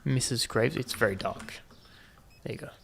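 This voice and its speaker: A man talks his way through a game in a loose, chatty commentary. His voice has a gravelly rasp and sits at an ordinary middle pitch. He keeps throwing playful asides to his viewers. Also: moderate pace, a bit bright, slight background noise. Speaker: gaming channel host. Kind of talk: casual gameplay commentary.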